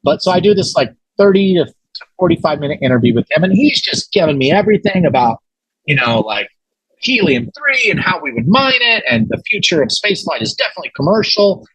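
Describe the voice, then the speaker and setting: A man with a husky, slightly breathy voice tells a story as a podcast guest. He talks casually and animatedly, acting out what others said, with plenty of fillers. The sound is dry and close to the mic. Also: on the high side, a little fast, no room sound, low-quality recording. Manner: animated retelling with quoted voices, many fillers.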